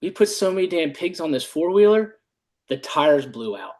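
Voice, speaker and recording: A man's voice: a little high, big pitch swings, normal speed, darkish tone. A middle-aged man, a retired army dog handler, telling stories on a podcast, swearing freely and laughing often. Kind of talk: casual storytelling chat.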